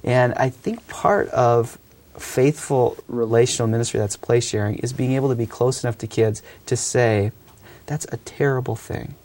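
A man's voice: mid-range voice, gravelly, warm tone. A man in his thirties speaking as a youth ministry speaker, telling stories in an earnest, reflective way with frequent hesitations and fillers. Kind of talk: reflective storytelling talk.

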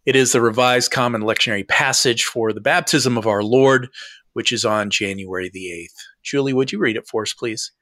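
A man's voice: medium pitch, moderate pace, sharp tone, no room sound, studio quality. A man who is a pastor leading a scripture discussion in a reflective, affirming way and asking his co-host questions.

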